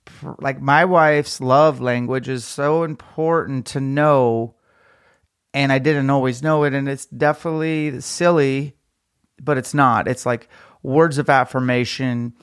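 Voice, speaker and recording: Earnest man with a smooth, dry voice. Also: mid-range voice, fairly even intonation, no room sound. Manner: earnest, reflective, quick talker. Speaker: podcast host. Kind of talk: casual podcast chat.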